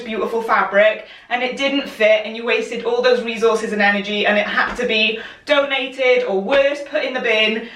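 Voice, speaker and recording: Woman, high bright voice, breathless sewing tutor, roomy echo from off-mic. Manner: chatty and encouraging, laughs often. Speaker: sewing pattern instructor. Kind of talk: live-streamed sewing tutorial. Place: room, speaking while moving in front of camera. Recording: echoey room, voice a bit far from mic.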